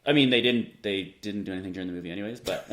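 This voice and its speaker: A man's voice: on the low side, fast talker, fairly bright tone. A man co-hosting a podcast, agreeable and casual in a movie review chat. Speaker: podcast co-host.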